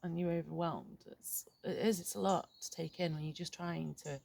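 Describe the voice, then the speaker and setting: A middle-aged woman talking frankly in a reflective vlog, halting and swearing casually, recorded outdoors in a garden. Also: on the low side, fairly even intonation, creaky, warm tone, a little hiss or hum. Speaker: vlogger.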